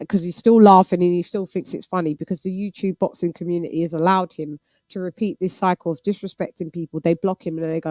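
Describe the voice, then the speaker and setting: A woman's voice: lowish voice, fast, warm tone, no room sound. A woman hosting a boxing live stream, blunt and exasperated, swearing freely. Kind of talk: casual live-stream chat.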